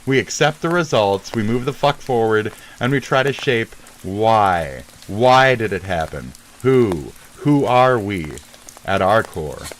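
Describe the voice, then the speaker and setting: A man's voice: lowish voice, expressive, slow. A man delivering an angry, swearing rant as a vlogger, sneering and scornful, outdoors near traffic. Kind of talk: profane ranting monologue.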